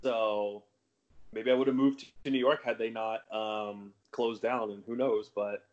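A man with a fairly low voice talks casually as a wrestler guest on a podcast. He rambles, swears freely and laughs at himself as he goes. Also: steady tone, unhurried, darkish tone, highs cut off. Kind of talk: casual chat.

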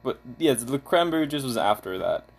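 A young man casually telling a funny story to friends, animated and laughing, acting out quoted lines. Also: medium pitch, fairly quick, vocal fry.

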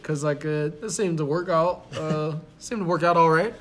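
A young man in his twenties, rambling through a casual podcast chat. His voice sits a little high, and he swears freely and piles on fillers as he thinks out loud. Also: fairly even intonation, normal speed. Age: 20s. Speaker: podcast co-host.

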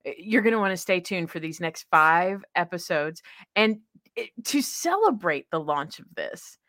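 A woman's voice: fairly low pitch, expressive, normal speed, fairly bright tone, no echo. A woman hosting a podcast in casual, bubbly chat, laughing often and poking fun at herself. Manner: bubbly, laughing, self-deprecating. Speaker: podcast host.

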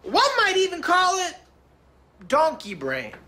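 A man putting on a pompous, snooty know-it-all voice as a comic podcast bit, explaining slowly and over-precisely. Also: extremely high pitch, huge pitch swings, sharp tone, pitched above the performer's own voice, full character voice. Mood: haughty.

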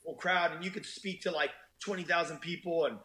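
An animated man telling stories as a podcast guest, acting out the voices of people he quotes. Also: fairly high pitch, a little fast. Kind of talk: casual conversation.

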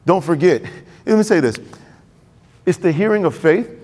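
A man preaching a sermon, talking conversationally and quickly and asking the congregation questions. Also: sits high, lively intonation, a little mellow. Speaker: pastor. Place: church sanctuary. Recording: long reverb of a church hall.

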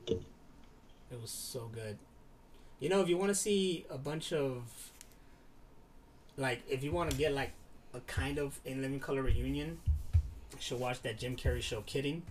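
A man chatting casually, animated and full of fillers, now and then swearing. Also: mid-range voice, measured pace, long pauses, far from the mic, a little hiss or hum. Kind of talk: casual chat.

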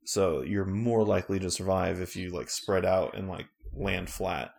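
A man's voice: low voice, normal speed, vocal fry. A man co-hosting a podcast, recapping a show in casual chat with a rambling, filler-heavy manner. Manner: relaxed, rambling with many fillers. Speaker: podcast co-host.

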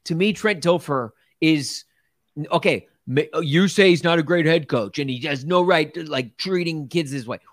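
An excitable man from Tennessee, co-hosting a casual sports podcast, laughing often and talking with lots of "like". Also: fairly high pitch, normal speed, no echo, clean studio sound. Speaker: podcast co-host.

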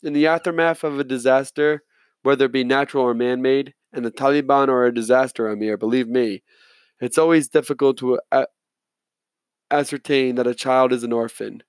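A man's voice: mid-range voice, fairly even intonation, fairly quick, dry recording, lightly acted. A man reading an affable chatty lawyer. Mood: explaining. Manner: chatty, apologetic, friendly. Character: affable middle-aged male immigration lawyer.

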